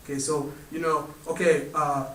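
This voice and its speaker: Man, spiritual teacher, live talk, bright voice, roomy echo, distant mic. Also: on the high side, normal speed, slight background noise. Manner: relaxed storytelling, lively quoted animal voices. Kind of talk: storytelling talk to a live audience. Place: community hall, live gathering.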